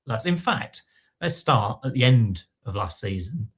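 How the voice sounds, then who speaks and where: A man's voice: medium pitch, sing-song, measured pace, slightly rough. A man hosting a football podcast, steering the chat in a wry, teasing way. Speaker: podcast host. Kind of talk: casual chat.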